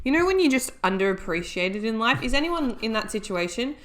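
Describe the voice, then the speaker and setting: A woman's voice: on the high side, sing-song, a little fast, fairly bright tone. A woman co-hosting a casual podcast chat, teasing and mock-indignant. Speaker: podcast co-host.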